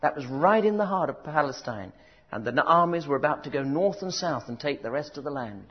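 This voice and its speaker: A man delivers a sermon, his voice a touch higher than most. He booms out emphatic lines, then drops to soft, drawn-out words. The recording sounds dull and lo-fi. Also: animated, breathy edge. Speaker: preacher.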